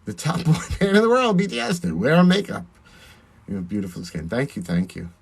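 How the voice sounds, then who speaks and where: Man, drag performer, husky voice with a bouncy, lively melody, chatty live-stream host thanking viewers. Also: medium pitch, brisk. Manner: chatty, reads viewer comments aloud and thanks them. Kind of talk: casual live-stream chat while doing makeup.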